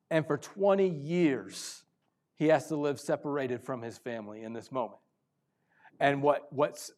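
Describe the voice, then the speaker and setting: A male pastor preaching a sermon, moving between loud urgent stretches and hushed, intimate ones. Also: fairly high pitch.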